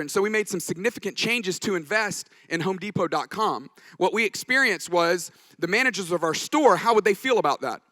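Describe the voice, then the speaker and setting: A man's voice: on the high side, expressive, brisk, hardly any pauses, pushed and bright, no room sound. A man giving a conference talk as a pastor, telling stories with jokes along the way. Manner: anecdotal, joking storyteller. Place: conference stage.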